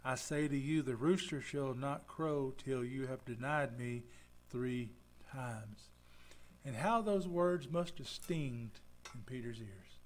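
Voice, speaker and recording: A man's voice: medium pitch, slow pace. A man preaching a folksy sermon as pastor, acting out the people he quotes. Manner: folksy, acts out quoted voices.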